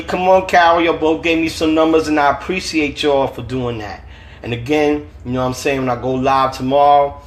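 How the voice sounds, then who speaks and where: A man, an author, reading from his novel on a phone livestream and chatting casually with viewers in slangy talk. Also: medium pitch. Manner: casual, slangy, chuckling often.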